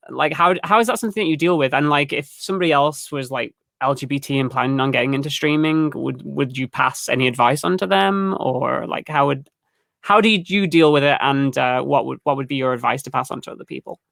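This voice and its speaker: A man's voice: mid-range voice, fairly quick, gravelly, fairly bright tone, no echo, studio quality. A man co-hosting a podcast who asks questions in a casual, hesitant way, often restarting his sentences. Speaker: podcast co-host.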